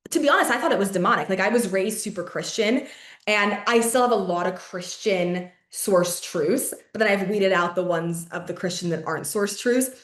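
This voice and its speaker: A woman's voice: mid-range voice, normal speed. Chatty, swearing young woman in a roomy space. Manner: chatty, frequent "like", swears and laughs. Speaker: podcast host. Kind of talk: casual storytelling monologue. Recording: roomy echo.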